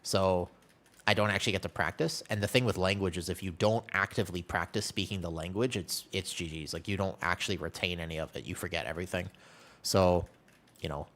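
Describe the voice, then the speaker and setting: A man's voice: low voice, a little fast, fairly bright tone. A man streaming a game, chatty, explaining his moves while reading chat, with allergies making him sneeze. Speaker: streamer playing a tank. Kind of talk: live gameplay commentary.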